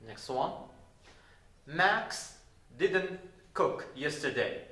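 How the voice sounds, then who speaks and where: A man from Morocco teaching an English grammar lesson deliberately, repeating words and spelling out verb endings. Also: mid-range voice, a bit bright. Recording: roomy echo.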